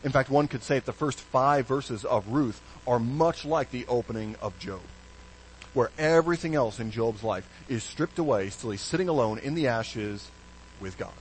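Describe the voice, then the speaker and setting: A man preaching a sermon as pastor, animated, with hushed low stresses and sudden bright emphasis. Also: moderate pace, slight background noise, rough recording.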